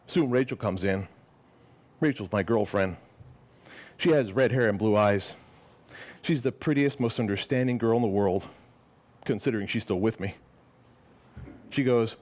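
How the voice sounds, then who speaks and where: A man reading his own fiction aloud to a live audience at a gallery event, expressive, then chatting casually and swearing. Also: on the low side, moderate pace, long pauses. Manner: lively and expressive, casual and swearing when speaking off the page.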